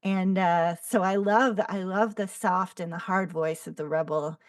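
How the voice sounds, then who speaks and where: A woman's voice: lowish voice, fairly even intonation, unhurried, no echo, clean studio sound, distant mic. A woman co-hosting a podcast, affirming her partner's story with eager enthusiasm. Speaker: podcast co-host. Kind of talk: conversational discussion.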